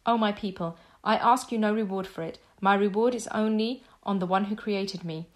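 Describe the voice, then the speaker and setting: A woman reading a translated scripture aloud in a measured, solemn way. She reads the quoted speech in her own voice. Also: medium pitch. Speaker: scripture reader.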